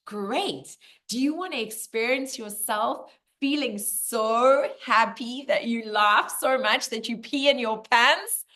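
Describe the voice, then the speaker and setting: A woman voicing the calm, all-knowing universe. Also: on the high side, takes it slowly, hardly any pauses. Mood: inviting. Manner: inviting, sweeping questions.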